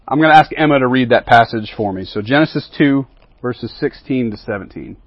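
A man's voice: mid-range voice, a little fast, dull audio. A man leading a Bible lesson as a youth pastor, often asking the group questions and checking in with "right?" and "okay?".

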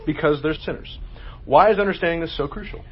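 A man's voice: fairly high pitch, fast talker, breathy edge, muffled recording. A man leading a group Bible study, asking questions and explaining in a conversational, emphatic way.

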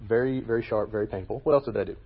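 A man's voice: lowish voice, very fast, husky, lo-fi sound. A man leading a casual Bible lesson for a youth group, talking to them with frequent "okay?" check-ins.

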